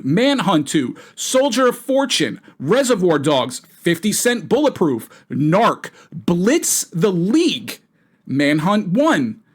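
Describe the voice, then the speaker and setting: A man's voice: high-pitched, a bit bright. A man giving an indignant, rambling gaming commentary full of fillers and restarts. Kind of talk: video commentary.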